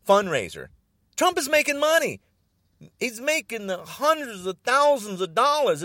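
A man's voice: sits high, fairly bright tone, no echo, clean studio sound. An older man in an angry, agitated political rant, repeating himself and stumbling over restarts.

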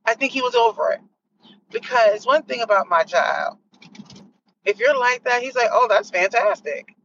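A middle-aged woman talks casually to her listeners as a podcast host, animated and quick to act out other people's lines. She sits a little back from a dull-sounding mic. A faint hiss runs underneath. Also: a little high. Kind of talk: casual storytelling monologue. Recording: distant muffled mic with faint noise.

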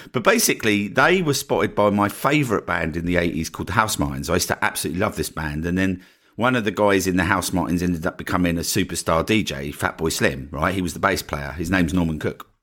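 Chatty Essex man, low voice. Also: a little fast, fairly bright tone. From northeast Essex, England. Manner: chatty, often ends points with "right?". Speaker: podcast host. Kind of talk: casual solo podcast talk.

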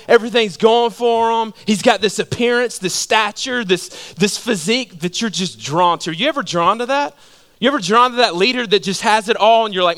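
Male pastor, sermon, high voice, animated storytelling, rhetorical questions. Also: normal speed.

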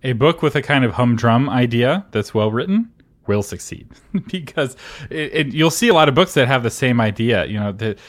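A man co-hosting a writing podcast, giving advice in a casual chat, emphatic with quick laughing asides. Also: mid-range voice, lively intonation. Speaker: podcast co-host and author consultant.

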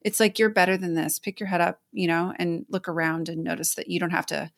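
A woman's voice: lowish voice, steady tone, fairly quick, gravelly. Encouraging woman podcast host. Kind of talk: interview and podcast outro.

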